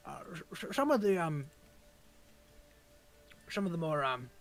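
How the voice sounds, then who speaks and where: A man voicing an old male leader of dragon hunters, earnest and weary, speaking in a halting, grave, formal way. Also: a little high, very animated, a crowd in the background, rough recording. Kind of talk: role-playing a tabletop game character.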